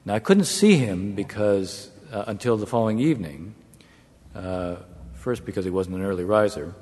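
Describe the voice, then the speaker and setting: A man's voice: on the low side, lively intonation, darkish tone. Wry man telling a story in a hall. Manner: measured, wry storytelling with brief chuckles. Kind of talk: anecdote told to an audience. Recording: long hall reverb.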